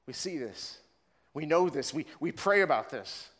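A man's voice: a little high, animated, normal speed, a bit bright. A man preaching a sermon earnestly, with frequent repeated words and rising passion when reading scripture. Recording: long reverb of a large room.

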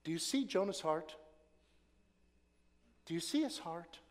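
A man preaching in a high, very lively voice that drops to near whispers and then climbs to shouts. He acts out quoted prayers with rising passion. His voice rings with the long reverb of a large hall. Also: measured pace. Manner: dramatic, swings from hushed to shouting. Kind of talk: sermon.

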